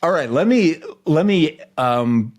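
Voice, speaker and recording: A man co-hosting a podcast, talking casually and energetically in quick bursts with restarts. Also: fairly high pitch, expressive. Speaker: podcast co-host.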